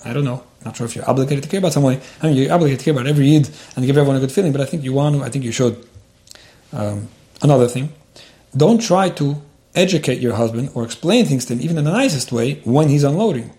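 A man talks quickly through advice on a letter, repeating himself as he goes. His voice is warm and dark, and his steady, earnest delivery is dotted with Yiddish terms. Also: mid-range voice. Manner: earnest, repeats words, Yiddish-laced phrasing. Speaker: advice-giving rabbi answering a letter. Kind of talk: advice talk.

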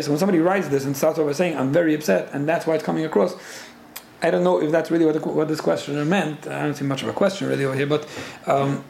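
Male Torah teacher, brisk and gravelly, talks fast with lots of restarts. Echoey room. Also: a little high, darkish tone, a little hiss or hum. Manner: fast, repeats and restarts words. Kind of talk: Torah class with listener questions. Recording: echoey room with faint ambience.

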